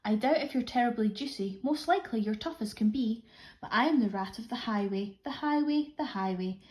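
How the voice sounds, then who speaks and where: A woman voicing a greedy, boastful male rat highwayman in a children's story, chanting his demands. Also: brisk, a little mellow, lightly acted. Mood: greedy boasting. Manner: blustering, demanding sing-song chant.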